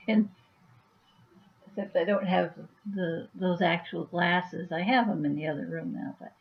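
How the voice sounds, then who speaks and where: A woman's voice: fairly low pitch, a little slow, muffled recording. A woman chatting casually on her vlog at home, rambling with many fillers. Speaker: YouTuber and author.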